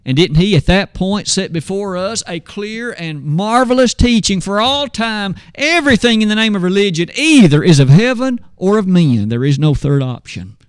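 A man's voice: animated, normal speed, hardly any pauses, clean tone, no room sound. Dry-voiced male preacher, rhetorical. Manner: rhetorical questions, dramatic pitch swings when quoting scripture. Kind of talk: sermon.

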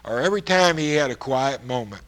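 A man delivering a sermon to his listeners. His voice sits in a middle register and climbs into loud, emphatic stretches, sometimes slowing to stress a point. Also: medium pitch, expressive. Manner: rising to loud, emphatic passages. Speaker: preacher.

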